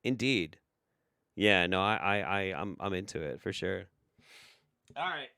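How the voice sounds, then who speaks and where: A man hosting a livestream, reading viewer messages in a casual, profane, animated way. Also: deep voice, measured pace, gravelly, no room sound, studio quality. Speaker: livestream host.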